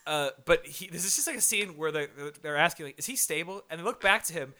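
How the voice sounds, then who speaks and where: Bright-voiced man in rambling movie chat. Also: on the high side, fast talker. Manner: rambling, profane, frequent fillers. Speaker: podcast co-host. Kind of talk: casual movie review chat.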